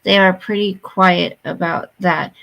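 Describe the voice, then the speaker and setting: A woman's voice: lowish voice, steady tone, a little slow, vocal fry, pushed and bright, poor audio. A woman in her fifties chatting casually and bluntly to her viewers, telling gossipy stories. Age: 50s. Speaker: vlogger.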